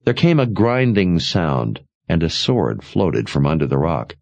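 A man telling a fantasy story as an audiobook narrator, in expressive storytelling. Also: low-pitched, unhurried, creaky, dry recording. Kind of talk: scripted narration.

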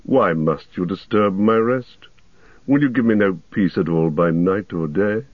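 A man reading an audiobook, voicing an old male sorcerer who speaks low, melodious and gently aggrieved. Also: measured pace, no echo, phone-quality sound.

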